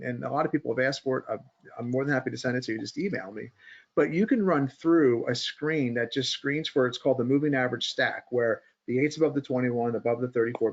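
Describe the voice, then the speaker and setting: A man hosts a loose chat about stock charts, thinking out loud and turning to his co-hosts for input. His voice sits at a middle pitch. The sound is a little dull and muffled. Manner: rambling, thinks aloud, asks co-hosts for input. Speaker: host of a markets podcast.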